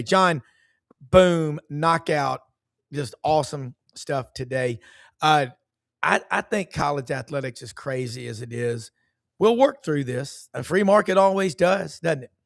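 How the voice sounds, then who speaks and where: A man hosts a live sports talk show in a folksy, effusive way, his voice sitting a little high for a man. He talks in quick bursts and piles up praise. The sound is close and dry, with no room around it. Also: creaky, dry recording.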